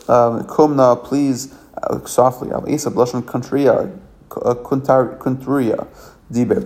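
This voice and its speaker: Gravelly man reading scripture haltingly. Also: medium pitch, dark tone. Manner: halting, self-correcting reading with many restarts. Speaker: Torah study reader. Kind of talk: reading and translating scripture verse by verse.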